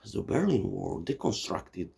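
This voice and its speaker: Low-pitched and sing-song, the man's voice is gravelly, mellow and husky, moving at a moderate pace. A Czechoslovakian channel host in his forties, he delivers a profane, meandering monologue thick with "you see" and "you know."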